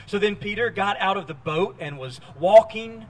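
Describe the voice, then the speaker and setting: A man preaching a sermon as a pastor, telling a Bible story with lively, acted-out quoted lines. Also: high-pitched, moderate pace, few pauses. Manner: animated storytelling, acting out quoted voices. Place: church sanctuary.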